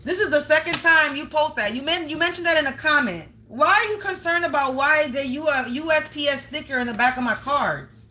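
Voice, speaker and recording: A woman's voice: sits high, a little fast, pushed and bright, slight background noise. A woman tarot reader speaking, delivering a blunt, scolding monologue to her viewers, swearing often and raising her voice at times. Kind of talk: confrontational livestream monologue.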